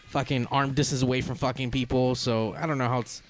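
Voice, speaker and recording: A man's voice: mid-range voice, steady tone, a little fast. A man from Southern California hosting a podcast, talking casually with plenty of swearing and jokes. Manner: swears freely, loose and joking. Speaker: podcast host. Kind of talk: casual chat.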